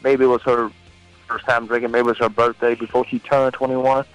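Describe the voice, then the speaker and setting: A man co-hosting a sports talk radio show, speaking haltingly with many pauses and fillers. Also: medium pitch, little pitch movement, clear, resonant tone, soft background music, rough recording. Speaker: co-host.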